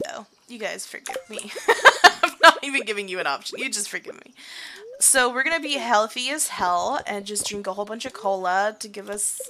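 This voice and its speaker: A young woman plays a farming game and casually comments as she goes, chatty and self-mocking, singing and muttering to herself in let's-play style. Her medium-pitched voice is bright and forceful, with slight background noise.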